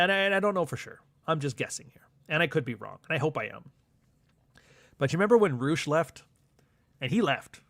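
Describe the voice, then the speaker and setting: A man's voice: a little high, fairly bright tone, no echo. A young man, hosting a livestream in a sardonic, profane, rambling monologue. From Canada. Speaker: livestream host. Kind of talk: casual ranting monologue.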